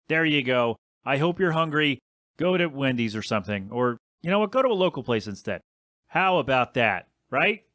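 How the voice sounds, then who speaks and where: A man's voice: mid-range voice, pushed and bright, no room sound, clean studio sound. A young adult man hosting a casual solo podcast, rambling and complaining in an exasperated way with some swearing. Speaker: podcast host.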